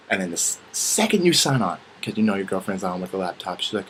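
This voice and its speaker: Low-pitched and quick, this young man's voice comes through a low-quality recording with slight background noise. He's a vlogger on a casual comedic rant, profane and animated, performing bits of dialogue as he talks.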